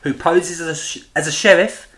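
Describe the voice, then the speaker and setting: A woman co-hosts a podcast with casual chat full of laughter and swearing. Her voice is fairly low and fairly bright, at a normal speed.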